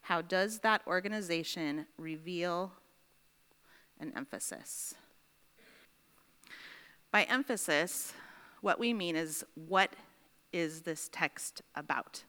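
A woman teaching a Bible study class, dictating slowly with repeated phrases and checking in with her listeners. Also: fairly low pitch, pushed and bright, smooth. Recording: long reverb in a large room.

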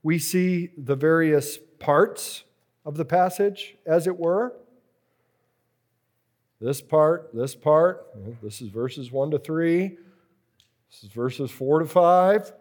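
A man teaching a preaching workshop to a live group, slow and deliberate, repeating key phrases as he works through a drawing. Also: a little high, a little mellow.

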